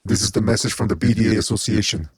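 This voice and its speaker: A man's voice: on the low side, quick pace, slight background noise. A man doing a distorted menacing villain voice. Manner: grandiose, threatening proclamation. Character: menacing male villain making a grand decree.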